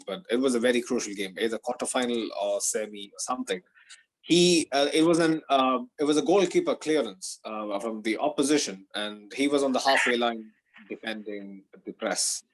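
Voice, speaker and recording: A man talking on a casual football podcast as a panelist, halting often as he searches for words. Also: lowish voice, poor audio.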